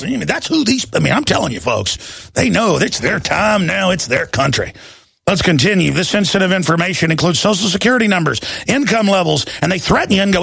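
Furious high-pitched male talk show host. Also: very animated, fairly quick, vocal fry, husky, no echo. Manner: furious, shouting insults. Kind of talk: angry talk show rant.

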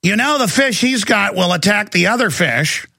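A nosy, busybody woman shopper lecturing in a prissy, raised voice, as a man puts her on. The tone is gravelly and bright, and the sound is close and dry. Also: high voice, expressive, normal speed, no room sound, voice pushed up, heavily acted. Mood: prissy, meddling. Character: meddling prying woman shopper.

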